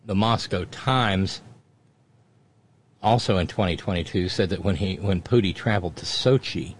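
A talk show host with a fairly low male voice and a wry, joking delivery. He reads listener comments aloud and tosses in puns and asides. His tone is casual and loose, full of "uh"s. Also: normal speed, slight background noise.

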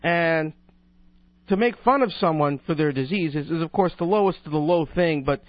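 Rambling talk radio host, dry sound. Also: male voice, a little high, normal speed, dry recording, lo-fi sound. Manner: rambling, with many restarts and asides; opinionated. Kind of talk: casual talk radio monologue.

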